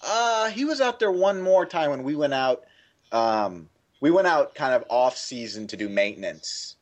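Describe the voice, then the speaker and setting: A man tells a story in casual conversation with a lively, swinging pitch. He laughs often, restarts his sentences and acts out the people he quotes. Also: moderate pace.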